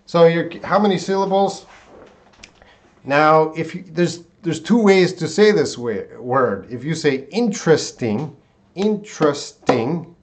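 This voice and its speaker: A man teaching English pronunciation on a live stream, repeating words slowly syllable by syllable and greeting viewers by name. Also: mid-range voice. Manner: drawn-out word repetition, reading viewer names.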